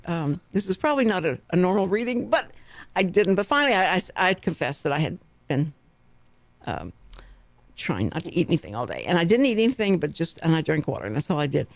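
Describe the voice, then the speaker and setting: A woman with a Texan accent hosting a local morning radio talk show, telling stories in a chatty, animated way. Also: on the low side, fairly quick, vocal fry, no room sound. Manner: chatty, animated storytelling with laughs. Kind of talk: casual radio chat. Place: radio studio. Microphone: studio microphone.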